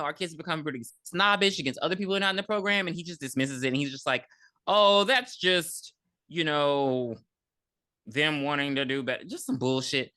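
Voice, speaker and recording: A co-host on a casual movie recap podcast who talks expressively and swears freely, jumping into quick character voices. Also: medium pitch, pushed and bright, dry recording.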